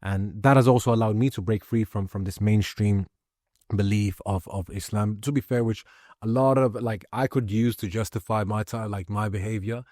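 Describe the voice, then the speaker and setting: A man vlogging in a heated personal monologue, ranting forcefully and swearing a lot. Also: lowish voice, fairly even intonation, moderate pace, dry recording, studio quality.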